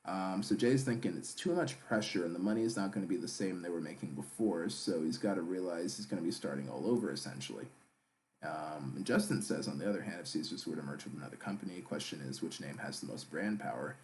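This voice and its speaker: A man's voice: deep voice, fast talker, darkish tone, a little hiss or hum. A man hosting a live stream, chatting casually about casino business and greeting viewers in the chat.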